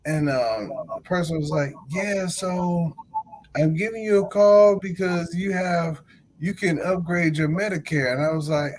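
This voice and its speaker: Animated forty-something man telling stories. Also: high-pitched, unhurried, slight background noise, rough recording. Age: 40s. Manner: animated storytelling, laughs often, acts out callers. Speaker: podcast host. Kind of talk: casual chat.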